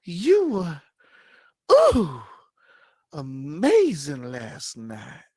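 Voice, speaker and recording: A man's voice: fairly high pitch, wildly swooping pitch, extremely slow, dark tone, no room sound, studio quality, full character voice. A man voicing a giddy young woman who squeals and swoons. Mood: swooning. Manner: squealing, breathy.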